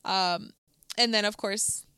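A woman's voice: mid-range voice, fairly even intonation, takes it slowly, sharp tone, smooth, no echo, studio quality. A young woman co-hosting a podcast, chatting casually and laughing, with lots of "like" and "um". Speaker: podcast co-host. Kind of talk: casual chat.

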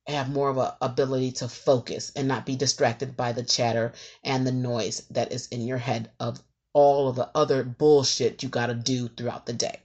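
A young adult woman talking casually and candidly to her viewers, with frequent ums and some swearing. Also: extremely low pitch. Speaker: meditation vlogger. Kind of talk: casual talk to camera.

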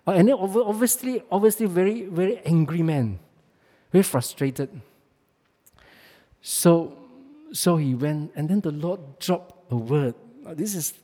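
A man delivers a sermon in a fairly high, mellow voice. He talks emphatically, stumbling through restarts and fillers. His voice rings with the long reverb of a large hall. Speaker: preacher.

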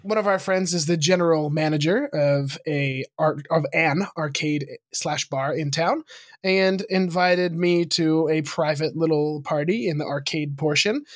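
A man's voice: fairly high pitch, a little slow, dry recording. Laughing, self-deprecating male podcast co-host. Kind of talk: casual comedic chat.

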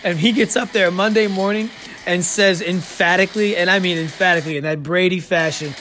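A man hosting a podcast, giving sports betting picks in a casual, sarcastic way with quick joking asides. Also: high-pitched, steady tone, sharp tone, a little hiss or hum.

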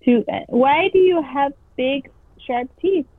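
A woman's voice: high voice, slow pace, no room sound, voice pushed up. A woman doing a stammering frightened boy. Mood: terrified. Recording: tinny phone-like sound.

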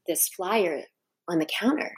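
Middle-aged woman guest, slightly low voice, earnest, tells stories with frequent restarts. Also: expressive, a little slow, breathy edge. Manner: heartfelt, with many restarts and asides. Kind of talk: personal storytelling in a conversation.

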